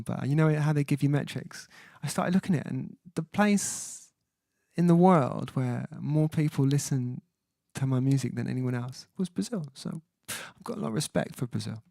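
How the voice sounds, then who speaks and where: A man's voice: a little high, creaky, a little mellow, no echo, clean studio sound. A man hosting his own music livestream, chatting casually and reading viewer comments aloud, hesitant with many fillers as he sounds out foreign words. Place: at home, indoors.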